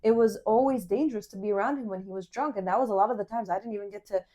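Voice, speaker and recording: A young woman hosting a podcast, telling a dating story in casual chat, animated and swearing, full of fillers. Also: medium pitch, racing. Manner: animated, swearing, many fillers, acts out quoted lines. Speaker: podcast host.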